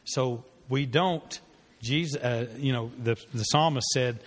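A man's voice: medium pitch, measured pace. Man teaching in a reverberant hall. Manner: earnest, conversational, with fillers and restarts. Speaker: pastor teaching a parenting class. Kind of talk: sermon-style teaching with a story.

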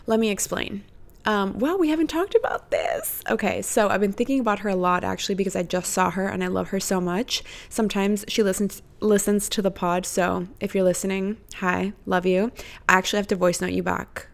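Chatty young woman with a creaky voice. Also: medium pitch, a little fast. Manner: chatty, rambling, swears freely. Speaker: podcast host. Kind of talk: casual chat.

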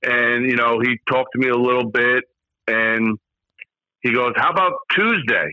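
A middle-aged man, a former hitting coach, guesting on an interview and telling lively anecdotes. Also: medium pitch, unhurried, smooth, dry recording. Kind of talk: conversational storytelling. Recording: slightly muffled, dry sound.

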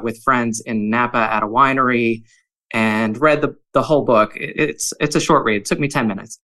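A man's voice: mid-range voice, sharp tone, poor audio. A man guest chatting plainly with some "uh" fillers and reading short poems aloud. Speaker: podcast guest. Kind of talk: casual chat and poetry reading.

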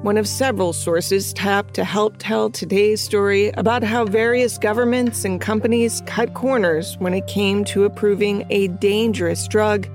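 A woman hosting a podcast, giving scripted history narration in an even, measured read with chatty asides. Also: mid-range voice, faint music behind. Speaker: podcast host.

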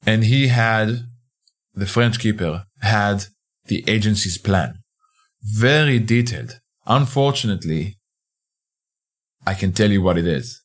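A man's voice: on the low side, a little slow, pauses often. A man narrating a fiction podcast in the first person, speaking in a conversational, hesitant way with frequent restarts.

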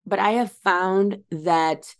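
A woman's voice: mid-range voice, takes it slowly. A woman hosting a series, talking candidly and casually about boundaries and healing in a reflective monologue. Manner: candid, conversational, swears casually. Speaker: podcast host. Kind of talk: reflective self-help monologue.

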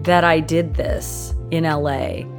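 A woman from Canada with a somewhat low voice, speaking as a guest on a talk show. She tells a story in a casual, animated way and laughs often. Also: slow, music in the background.

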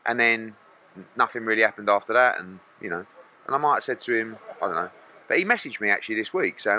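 A man's voice: fairly low pitch, expressive, fast talker, bright, forceful tone. A middle-aged man, a boxing promoter answering press questions bluntly and acting out other people's lines.

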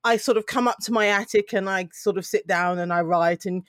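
A woman author talks in a halting, self-deprecating way, pausing and restarting as she answers. Her voice sits at a middle pitch, and the sound is dry. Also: a bit bright, no echo. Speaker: author guest. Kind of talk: casual interview talk.

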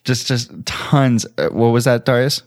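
A man's voice: medium pitch, measured pace, darkish tone, no room sound, studio quality. A man co-hosting a podcast, chatting casually and recapping episodes in a loose, joking way. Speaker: podcast co-host. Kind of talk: casual chat.

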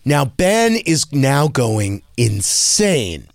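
Animated man telling a story on radio. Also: drawn-out words, dry recording, clean studio sound. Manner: animated, acts out quoted voices in a higher pitch. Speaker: radio talk show host. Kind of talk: casual storytelling chat. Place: radio studio.

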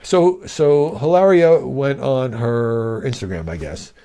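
A man's voice: medium pitch, slow pace, warm tone. A man hosting a podcast, giving casual, skeptical media commentary with frequent fillers. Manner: reads a quoted statement aloud. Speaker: podcast host.

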